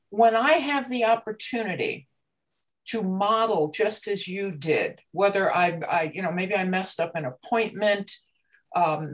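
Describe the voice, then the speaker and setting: A woman leads a coaching group discussion in a reflective tone. She talks slowly and deliberately, and her pitch is ordinary. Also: rough recording. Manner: measured, reflective. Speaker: discussion facilitator.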